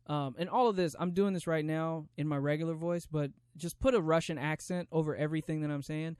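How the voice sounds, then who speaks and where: A man's voice: a little high, fairly even intonation, normal speed, a little mellow, clear, resonant tone, no room sound, clean studio sound. A man hosting a solo podcast, reviewing movies in a casual, rambling way with lots of restarts and slang. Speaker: podcast host.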